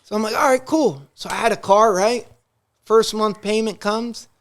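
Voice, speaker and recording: Podcast guest, male, high voice, animated storyteller who voices everyone in his anecdotes. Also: normal speed. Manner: animated, acts out quoted dialogue; rambling with many restarts. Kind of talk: casual storytelling.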